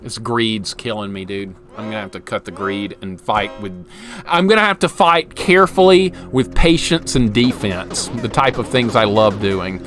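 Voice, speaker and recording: Frustrated streamer chatting over game music. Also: male voice, lowish voice, moderate pace. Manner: frustrated, joking, laughs often, talks to chat by name. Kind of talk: live gameplay commentary chatting with viewers.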